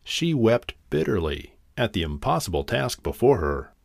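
A man narrating a fairy tale in an expressive, animated reading. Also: on the low side, moderate pace, vocal fry, no echo, clean studio sound. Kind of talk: storybook narration.

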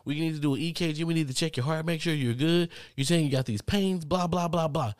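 A man doing a high, insistent male doctor. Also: no echo, studio quality, natural voice. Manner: rapid, insistent repetition.

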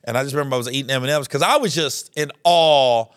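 A man who is a podcast guest, recalling stories in a relaxed, chatty way with asides. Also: mid-range voice, fast, smooth, no echo, clean studio sound. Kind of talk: casual conversation.

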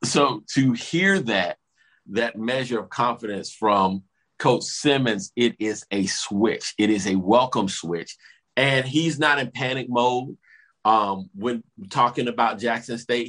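Slow-spoken and mid-range in pitch, this sports talk co-host keeps things casual while telling stories. He animates them by performing the coaches' quotes.

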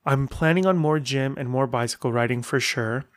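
A man's voice: medium pitch, normal speed, dry recording, studio quality. A middle-aged man hosting a casual solo podcast, telling stories in a chatty way full of rambling asides. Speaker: podcast host.

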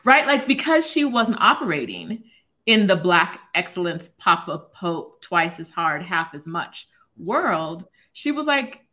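Lively, animated woman telling her story. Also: lowish voice, unhurried. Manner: animated storytelling, laughs often. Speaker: guest. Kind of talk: casual conversation.

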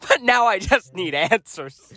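A man co-hosting a podcast in casual chat, telling stories in an animated way and laughing often. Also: sits high, takes it slowly. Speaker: podcast co-host.

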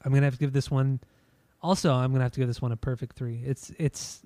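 A man's voice: mid-range voice, steady tone, quick pace, warm tone, no echo, soft background music. A man hosting a casual podcast, rambling and repeating himself as he wraps up an album review. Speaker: podcast host.

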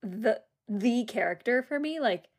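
A young adult woman co-hosting a podcast, laughing often and reacting with loud swearing. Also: fairly high pitch, lively intonation, measured pace. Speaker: podcast co-host. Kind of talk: casual chat.

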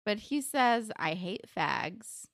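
A woman's voice: medium pitch, big pitch swings, takes it slowly, a bit bright, no room sound, studio quality. A young woman co-hosting a podcast, chatting casually as she recaps a TV episode with many fillers. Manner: chatty, filler-heavy, acts out quotes. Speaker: podcast co-host.

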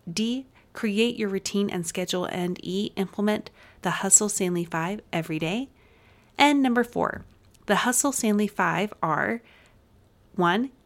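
Woman with a utah accent hosting her podcast, running through a numbered recap, mid-pitched voice. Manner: brisk, list-like summarizing. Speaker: podcast host.

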